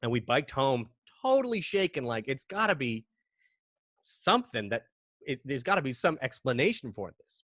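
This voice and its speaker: Animated man telling a spooky story. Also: mid-range voice, moderate pace, no echo, studio quality. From Canada. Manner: animated, dramatic, mimics bangs and gasps. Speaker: podcast guest. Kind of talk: casual storytelling.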